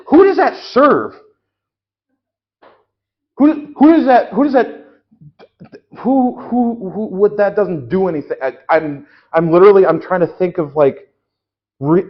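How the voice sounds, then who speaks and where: A man improvising an indignant customer who loudly complains and demands a refund in a live comedy show. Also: fairly high pitch, highs cut off, close to an everyday voice. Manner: loud, indignant, repetitive complaining. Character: indignant man returning rude balloons.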